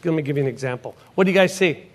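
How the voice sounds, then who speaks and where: Racing along in a slightly high voice, with a little hiss or hum on the recording, a middle-aged potter and evangelist gives an emphatic sermon testimony. Key phrases repeat, and his volume swings from soft to loud.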